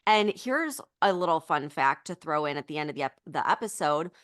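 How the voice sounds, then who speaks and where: A woman's voice: deep voice, expressive, brisk, fairly bright tone, smooth, no echo, studio quality. A woman co-hosting a political podcast, talking in an indignant, urgent way, full of "like" and "you know". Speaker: podcast co-host.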